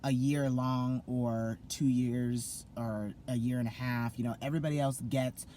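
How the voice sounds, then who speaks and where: A man's voice: mid-range voice, steady tone, measured pace, dark tone, a little hiss or hum. Gushing young man vlogging. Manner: gushing, effusive, many fillers and restarts. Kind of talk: excited casual vlog to camera.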